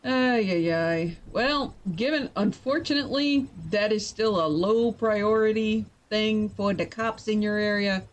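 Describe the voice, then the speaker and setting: A tired woman chatting playfully with her live-stream viewers as she gets ready to write. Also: mid-range voice. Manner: chatty and playful, quick to laugh. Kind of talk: casual live-stream chat.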